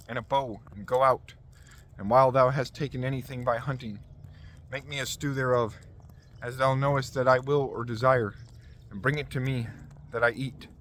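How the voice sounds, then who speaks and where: A man reading the part of an aged blind father, solemn and measured, in a scripture reading. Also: medium pitch, fairly bright tone, slight background noise, natural voice.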